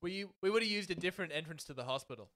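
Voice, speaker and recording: A man's voice: high-pitched, animated, fast talker, a bit bright. A man co-hosting a podcast, chatting casually and trading understated, dry jokes. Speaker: podcast co-host. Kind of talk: casual chat.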